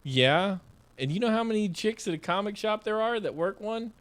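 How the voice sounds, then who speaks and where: A man's voice: high-pitched, animated, normal speed. A young man co-hosting a podcast in casual chat, playful and giggling often.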